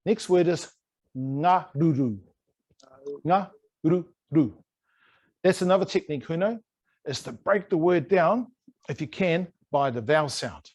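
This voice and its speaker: A man's voice: fairly high pitch, animated, normal speed. A man teaching a language in an online lesson, playful and over-pronouncing words to demonstrate them. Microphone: video call.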